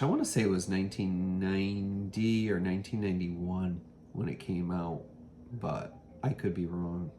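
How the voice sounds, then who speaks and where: A man's voice: on the low side, darkish tone, a little hiss or hum. A man hosting a casual thrift haul vlog, rambling with many ums and self-corrections. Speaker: vintage reseller and vlog host.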